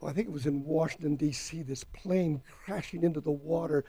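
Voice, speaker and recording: A man preaching a sermon to his congregation, emphatic, drawing out key words and swinging between soft asides and loud declarations. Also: a little high, a little fast, husky, no room sound. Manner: argues with an imagined doubter in rhetorical questions.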